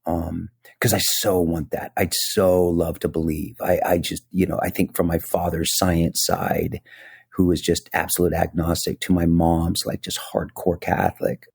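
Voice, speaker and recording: A man's voice: low-pitched, flat delivery, unhurried, creaky, darkish tone, husky, dry recording, studio quality. A man co-hosting a podcast, talking in a searching, heartfelt, hesitant way. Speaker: podcast co-host. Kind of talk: casual chat.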